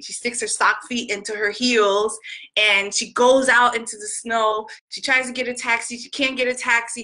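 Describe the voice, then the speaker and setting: A woman vlogger talking in an earnest, gentle way, retelling a scene and acting out its quoted lines. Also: medium pitch, poor audio. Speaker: inspirational vlogger. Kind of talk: heartfelt storytelling monologue.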